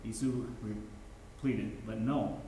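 Captured by a distant mic in a very echoey room with faint noise, a man in a Bible study group reads scripture aloud, tripping over and restarting some words. His voice is on the low side, creaky and dark, slow and fairly even in intonation.

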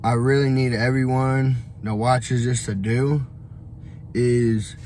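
A man's voice: medium pitch, steady tone, takes it slowly, darkish tone, slight background noise. A young man vlogging on the road, giving a blunt, profane motivational rant full of fillers and restarts. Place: on the road, traveling.

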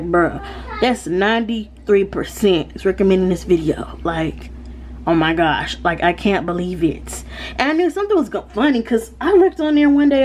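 A woman with a Southern American accent talking casually to her viewers in a home vlog, animated and full of "y'all" and "like.". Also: mid-range voice, a little hiss or hum. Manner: animated, addresses viewers as y'all, lots of likes. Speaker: vlogger.

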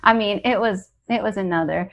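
A woman hypnotherapist telling funny stories in a casual interview, animated and laughing often as she acts out quotes. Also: medium pitch, a little fast, gravelly, muffled recording. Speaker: hypnotherapist guest.

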